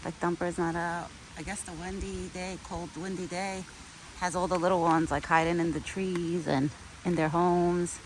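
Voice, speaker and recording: A woman's voice: on the low side, flat delivery, normal speed, slight background noise, low-quality recording. Chatty young woman outdoors. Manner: chatty, sprinkles talk with "like", soft and affectionate. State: pregnant. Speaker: vlogger. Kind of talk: casual outdoor vlog. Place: outdoors on a windy cold day.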